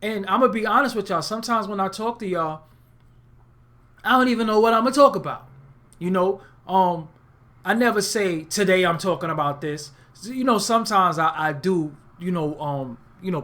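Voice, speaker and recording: A man's voice: high-pitched, moderate pace, a bit bright. A man from Brooklyn, hosting an unscripted webcast monologue, talking in a profane, streetwise and emphatic way. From Brooklyn, New York. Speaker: webcast host.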